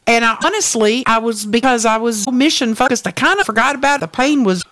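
A woman, co-hosting a faith talk show and telling a personal testimony in an animated, storytelling way. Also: fairly high pitch, a little fast, no echo. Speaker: co-host.

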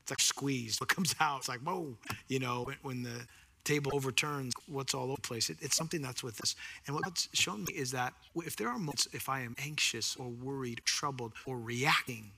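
A man preaching a sermon, animated and earnest, acting out scenes and slowing down for scripture. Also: mid-range voice, gravelly, slight background noise.

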